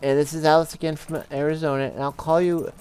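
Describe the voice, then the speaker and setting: A man's voice: little pitch movement, fast talker, clean tone, lightly acted. A man mimicking a confused, chatty elderly woman who repeats herself while leaving a voicemail. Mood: fussy. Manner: high, loud, repetitive and fussy.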